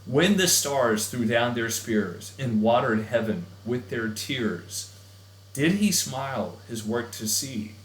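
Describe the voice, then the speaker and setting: A man reading a poem aloud slowly and with emotion. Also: mid-range voice, animated, echoey room, slight background noise. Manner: slow and emotional recitation. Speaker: teacher. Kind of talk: dramatic poetry reading.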